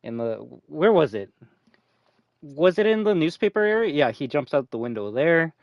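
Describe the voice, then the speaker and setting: A man's voice: fairly high pitch, very animated, moderate pace, no room sound, muffled recording. A man streaming a game, chatting casually with nerdy asides and plenty of swearing. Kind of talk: casual gameplay commentary.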